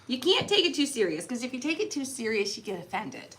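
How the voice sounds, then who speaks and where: A woman's voice: a little high, big pitch swings, quick pace, fairly bright tone, slight background noise. A middle-aged woman hosting a live crafting tutorial from her home craft room, chatty and playful, laughing often and teasing. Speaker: craft show host.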